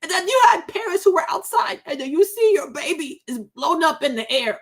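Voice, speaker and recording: Tearful high-voiced woman vlogger. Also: animated, brisk, hardly any pauses, background noise. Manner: emotional, repeats phrases, tearful at times. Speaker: vlog host. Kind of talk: emotional political commentary vlog.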